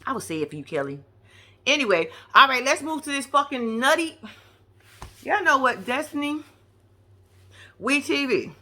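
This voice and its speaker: A woman with a fairly high, bright, sharp-edged voice gives casual reaction commentary. She is blunt and profane, and she scolds the people on screen directly as if they could hear her. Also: very animated, moderate pace, pauses often. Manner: blunt, profane, talks straight at the characters. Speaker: reality TV reaction vlogger.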